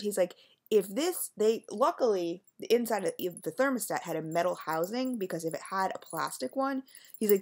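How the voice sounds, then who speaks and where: Chatty woman rambling through a story. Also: medium pitch. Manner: chatty, rambling, filler-heavy retelling. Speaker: vlogger. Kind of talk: casual storytelling to camera.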